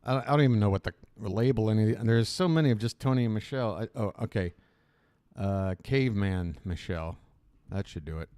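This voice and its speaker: A man's voice: fairly low pitch, a little fast, dark tone, clear, resonant tone, no echo. A man hosting a live reaction stream, chatting casually and joking, with a slight lisp and self-conscious asides.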